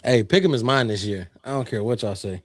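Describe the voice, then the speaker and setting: A man's voice: medium pitch, fairly quick, no echo, studio quality. A man co-hosting a sports podcast, bragging playfully and using slang in casual chat. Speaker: podcast co-host.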